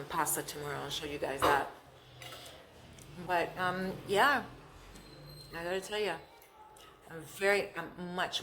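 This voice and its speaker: A woman's voice: on the low side, noisy background. A woman vlogger talking casually to camera while eating, chatty and repeating herself. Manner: chatty, repeats herself, talks with mouth full.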